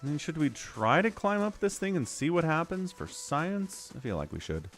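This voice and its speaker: Casual male streamer, animated delivery, reads game text aloud over quiet music. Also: fairly high pitch, moderate pace. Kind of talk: casual gameplay commentary.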